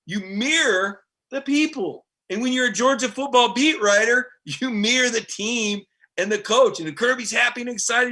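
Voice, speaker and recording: A middle-aged sports beat writer hosts a casual live stream, animated and rambling as he reads viewer comments aloud. His male voice sits high and moves at a moderate pace.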